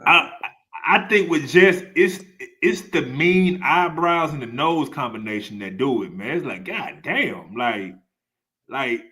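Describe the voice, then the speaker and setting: A man's voice: medium pitch, animated, a little slow, bright, forceful tone. A man hosting a casual reaction stream, joking crudely and rambling loosely. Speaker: stream host.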